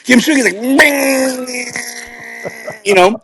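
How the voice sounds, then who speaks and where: A middle-aged man, a podcast guest, telling anecdotes in a casual, lively way and acting out the voices of the people in them. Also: fairly high pitch, normal speed, slight background noise. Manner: animated storyteller acting out quotes.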